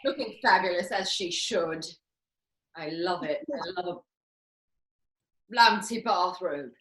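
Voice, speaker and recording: A woman's voice: on the low side, takes it slowly, fairly bright tone, echoey room. A woman playing a self-important, grandiose theatre dame who hosts a comic master class over a video call. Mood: grand. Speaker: host of a live online master class. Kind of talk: comic character performance.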